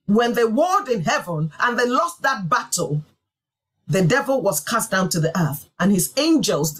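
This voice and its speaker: A woman's voice: mid-range voice, breathy edge, rough recording. A woman pastor preaching a sermon, driving her points home with emphatic repeated phrases.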